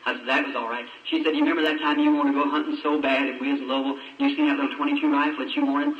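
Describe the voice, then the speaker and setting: A man's voice: a little high, lively intonation, very fast, highs cut off. A man, folksy and emotional, telling a story from the pulpit of an old sermon recording. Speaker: preacher. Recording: distant, echoey, noisy old tape.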